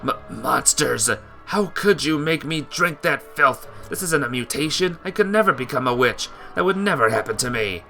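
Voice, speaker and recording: A man's voice: medium pitch, animated, normal speed, creaky, few pauses, pushed and bright, faint music behind, voice pushed up. A man voicing a proud young male knight, reading game dialogue in a defensive, frantic way. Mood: panicked. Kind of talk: game dialogue read aloud.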